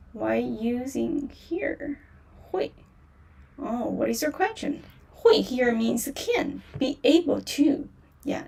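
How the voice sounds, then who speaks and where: A woman's voice: a little high, creaky, mellow, distant mic. A woman teaching beginner on a livestream, patiently repeating words and tones with many fillers; is her language. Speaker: Mandarin teacher.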